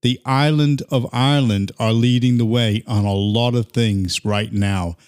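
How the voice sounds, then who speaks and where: A man's voice: medium pitch, steady tone, measured pace, a little mellow, smooth. A man hosting a political talk show, earnest and indignant, reading headlines and inviting callers in. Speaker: host.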